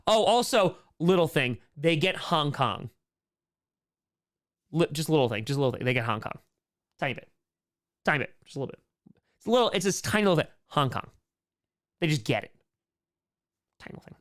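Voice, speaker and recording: A young man teaching a live-streamed history lesson, animated and jokey, tossing in sarcastic asides and quick mock dialogue while answering chat. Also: a little high.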